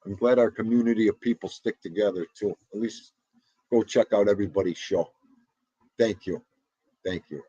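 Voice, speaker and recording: A man's voice: on the low side, moderate pace, pauses often, warm tone, breathy edge, dry recording, highs cut off. A middle-aged man, hosting a livestream and chatting casually and chattily with viewers, laughing as he goes. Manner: chatty, laughing, talks back to the chat. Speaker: livestream host. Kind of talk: casual chat with live viewers.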